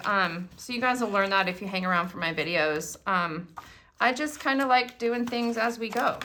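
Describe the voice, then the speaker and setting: A woman's voice: mid-range voice, bright, forceful tone, slight background noise. A middle-aged woman in a casual unboxing vlog, gushing and exclaiming over each craft item she shows. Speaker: craft product demonstrator.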